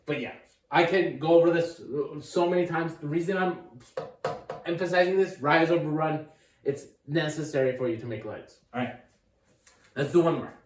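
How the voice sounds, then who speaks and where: Casual male tutor, upbeat and encouraging, a bit high, recorded from across an echoey room. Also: normal speed, a little hiss or hum. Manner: upbeat, encouraging, thinks aloud with restarts. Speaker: math tutor. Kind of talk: casual whiteboard math lesson. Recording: echoey room, mic at a distance.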